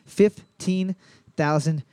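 A man's voice: a little high, steady tone, warm tone, clear, resonant tone, no echo. A man hosting a casual trivia chat, reading each question twice between jokes. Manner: joking, reads questions twice, slows down to read. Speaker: quiz host.

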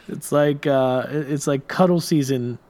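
A man's voice: medium pitch, slow pace, darkish tone. A man hosting a podcast in casual chat, stuffy from allergies, laid-back and profane. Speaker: podcast co-host.

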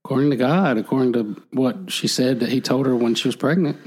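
A man's voice: medium pitch, fast talker, darkish tone, slightly rough, rough recording. A man in casual chat, retelling an old story and acting out the characters' lines in a lifted voice, laughing now and then. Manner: acts out the characters' lines with a raised voice; laughs easily while telling.

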